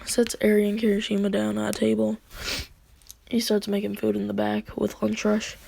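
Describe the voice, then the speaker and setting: A woman casually telling a rambling fan story, dropping into whispers and quick voices for the characters. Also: mid-range voice, completely flat delivery, creaky, mellow, slight background noise.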